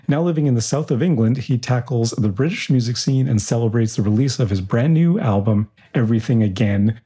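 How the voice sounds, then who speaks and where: A man's voice: medium pitch, warm tone, slightly rough. A man hosting a songwriting radio show, chatting casually with filler words and frequent laughs. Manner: chatty, laughs often, many fillers and restarts. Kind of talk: casual podcast chat.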